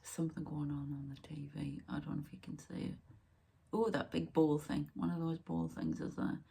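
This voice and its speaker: Woman medium, middle-aged, breathy and lowish, meanders, slips into whispers. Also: level tone, brisk. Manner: meandering, drifts into hushed whispered asides. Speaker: psychic medium. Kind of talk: rambling spiritual channelling monologue.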